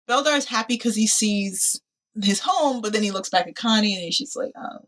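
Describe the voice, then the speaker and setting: A woman's voice: medium pitch, moderate pace. A woman co-hosting a podcast, chatting casually through a movie recap and acting out the characters' lines with lots of fillers. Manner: animated, acts out quotes with lots of "like" and laughs. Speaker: podcast co-host.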